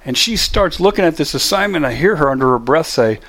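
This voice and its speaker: A man's voice: on the high side, very animated, fast talker, few pauses, a bit bright. A middle-aged man giving a casual, emphatic motivational monologue, full of rhetorical questions. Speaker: motivational speaker.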